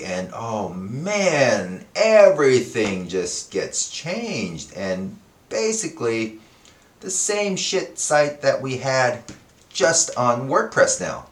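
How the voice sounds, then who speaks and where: A man's voice: mid-range voice, big pitch swings, takes it slowly. A man hosting a podcast in a casual, rambling monologue, swearing freely and correcting himself as he goes. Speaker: podcast host. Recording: echoey room.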